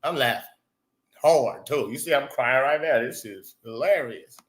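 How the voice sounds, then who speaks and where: Streamer host, man, bright mid-pitched voice, loose swearing chat, laughs easily. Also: animated, a little slow. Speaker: livestream host. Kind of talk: casual livestream chat.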